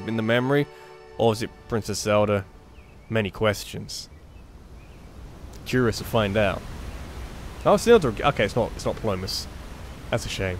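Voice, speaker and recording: A man hosting a let's play, commentating on gameplay in an animated, sweary, self-mocking way. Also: on the low side, brisk, long pauses, over music.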